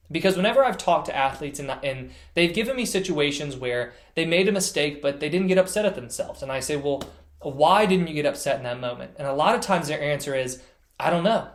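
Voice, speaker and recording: A man explaining a mental strategy as a sports psychology coach, speaking plainly and directly with simple repeated phrases. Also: fairly high pitch. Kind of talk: instructional talk to camera.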